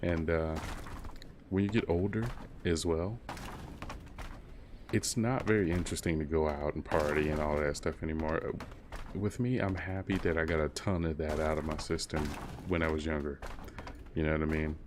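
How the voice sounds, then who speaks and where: A man's voice: rumbling low, fairly even intonation, moderate pace, noisy background. A man in his thirties chatting casually while gaming on a stream, rambling and laid-back. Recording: keyboard clicks and typing behind.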